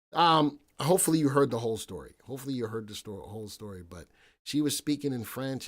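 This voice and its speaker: A man hosting a live stock-analysis stream, chatting casually with viewers, greeting them by name and spelling out ticker symbols. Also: medium pitch. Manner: chatty, jokey, reads viewer names and tickers aloud. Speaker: livestream stock analysis host.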